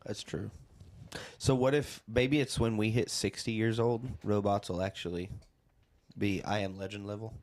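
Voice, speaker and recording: A man's voice: on the low side, steady tone, normal speed, darkish tone. A man co-hosting a casual podcast who talks animatedly, laughs often and trails off mid-thought. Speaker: podcast co-host. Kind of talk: casual chat.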